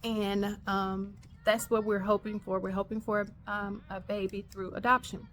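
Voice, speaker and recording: A woman hosting a podcast, telling a personal faith story in an animated way, acting out the dialogue. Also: mid-range voice, a little slow, a little hiss or hum. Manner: animated, acts out quoted dialogue. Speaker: podcast host.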